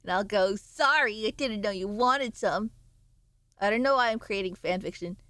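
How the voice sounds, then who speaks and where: A woman's voice: mid-range voice, moderate pace, fairly bright tone, no echo. A woman streamer chatting casually with viewers, sleepy and playful, rambling with sudden squeals and mock voices. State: sleepy, yawning.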